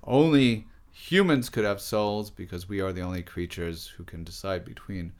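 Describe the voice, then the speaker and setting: A man, a poet and artist, talking haltingly about his work in an interview. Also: deep voice. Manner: halting, many restarts. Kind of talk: casual interview talk.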